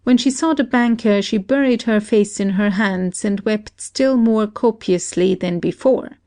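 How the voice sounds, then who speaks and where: A woman as audiobook narrator, reading a classic story in a steady, measured way. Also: medium pitch.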